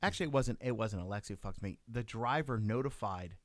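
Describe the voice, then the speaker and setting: A man's voice: lowish voice, a little fast, no room sound. Podcast co-host, male, dry self-deprecating storyteller, close dead mic. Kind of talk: casual banter.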